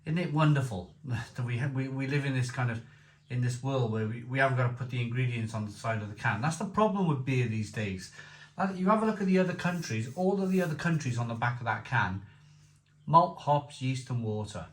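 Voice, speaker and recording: A man's voice: mid-range voice, a little fast. A man reviewing a beer in casual chat, enthusiastic, repeating himself and rambling. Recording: echoey room with faint noise.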